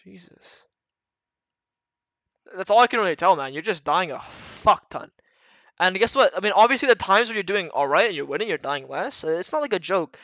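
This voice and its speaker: Man, high voice, blunt, profane, rambling, casual stream coaching, dry close sound. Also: animated, moderate pace, pushed and bright, dry recording. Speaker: retired pro gamer coaching viewers. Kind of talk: casual livestream coaching talk.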